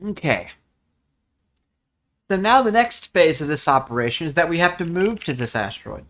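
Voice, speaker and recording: A streamer chatting casually while playing an online game, talking slowly with lively ups and downs. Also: mid-range voice.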